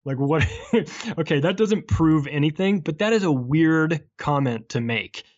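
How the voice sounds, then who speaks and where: A man who is an author and podcast guest, talking in a chatty, animated way and acting out small exchanges. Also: on the high side, a little slow, dull audio. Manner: chatty and animated, acts out little dialogues. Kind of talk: casual conversational interview.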